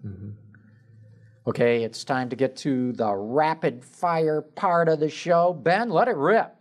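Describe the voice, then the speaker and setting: A man with a Michigan accent hosts a studio chat show. He moves briskly through the viewer questions, reading each one out and joking with his guests. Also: a little high. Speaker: talk show host.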